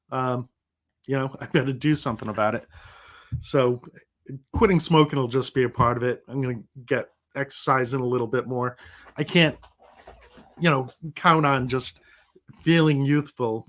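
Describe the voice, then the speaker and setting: A rambling middle-aged man hosts a casual livestream chat, chatty and quick to laugh while he's sick and recovering. His voice is mid-range and a bit bright.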